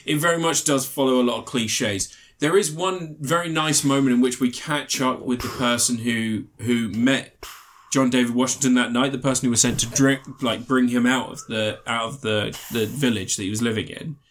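A man's voice: mid-range voice, moderate pace, hardly any pauses, a little hiss or hum. A man co-hosting a podcast, reviewing a film in casual, rambling chat and swearing freely. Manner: rambling, swears freely, acts out film characters in mocking voices. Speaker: podcast co-host.

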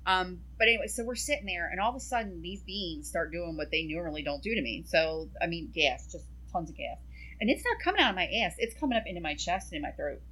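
A woman in casual chat, telling an animated personal story and swearing freely. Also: fairly low pitch, quick pace, breathy edge, poor audio.

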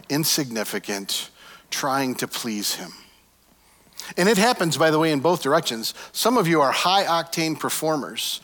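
A middle-aged male pastor giving a sermon and praying over his congregation, earnest, rising to emphatic points and then dropping to hushed, soft phrases. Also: fairly high pitch, big-room sound. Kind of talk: sermon with prayer.

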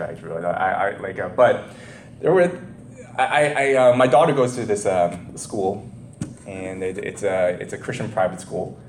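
A man preaching an informal sermon as a pastor, talking haltingly with many fillers and restarts and laughing at himself. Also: on the low side, a little hiss or hum. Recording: echoey room sound.

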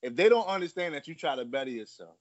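A man with a fairly high voice argues bluntly in a casual group conversation, hammering his point by repeating it. The recording is muffled and lo-fi. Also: animated, fast, no room sound. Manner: blunt, emphatic, repeats himself. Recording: dull lo-fi sound.

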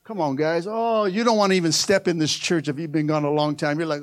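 A middle-aged man preaching a sermon as pastor, swinging between quiet asides and loud rallying shouts, joking with the congregation. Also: a little high, fairly even intonation, fairly quick, hardly any pauses, no echo.

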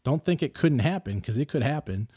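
A middle-aged man hosting a podcast, telling a story casually and getting animated and louder as he gets worked up. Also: medium pitch, brisk, slightly rough, no room sound, clean studio sound. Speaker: podcast host.

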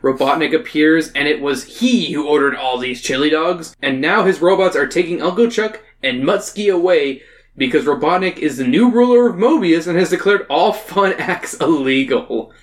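A casual book club host reading a story summary aloud. The talk is loose, with frequent laughs and stammered restarts. The voice sits at a middle pitch. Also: expressive, normal speed.

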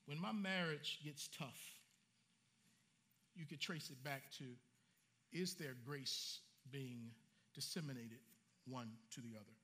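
A man preaching a sermon as pastor, animated and colloquial, joking with his congregation. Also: mid-range voice, takes it slowly, pauses often.

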